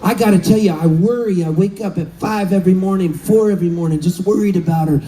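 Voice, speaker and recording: A man in his fifties from Southern California, telling a story on stage between songs, animated and laughing, calling out to the crowd. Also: high-pitched, fast talker, rough recording. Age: 50s. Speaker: musician. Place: live concert stage.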